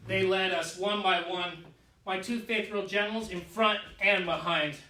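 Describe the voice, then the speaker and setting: Petulant young deposed emperor, comic monologue; high, bright voice, recorded in an echoey room. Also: male voice, steady tone, a little slow, full character voice. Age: 30s. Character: vain, childish deposed emperor, young man, self-pitying. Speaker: solo stage performer. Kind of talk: solo theatre monologue. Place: living room. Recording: echoey room, mic far off.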